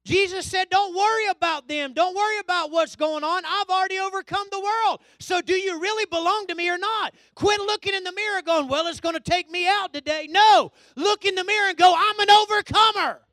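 A man preaching a sermon, calling out to his congregation and swinging from low asides to loud shouts. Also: a little fast, few pauses, no room sound. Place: church hall.

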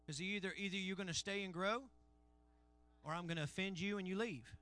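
A male pastor delivers a call-and-response sermon at a fairly quick pace, swinging from loud shouts to low murmurs.

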